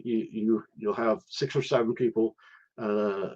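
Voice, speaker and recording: A middle-aged man talks casually on his own live stream, his low voice stopping and restarting, filling the gaps with "uh" and "um". The sound is dull and lo-fi, like basic streaming audio. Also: steady tone, slow, darkish tone. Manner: hesitant, many fillers and restarts. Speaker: live stream host sharing visa experience.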